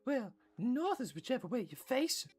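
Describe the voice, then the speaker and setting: A woman's voice: high-pitched, sing-song, moderate pace, darkish tone, soft background music, voice pushed up. A woman voicing a whimsical game character, speaking breathily with a musical, rhythmic lilt and short sentence endings. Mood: coaching.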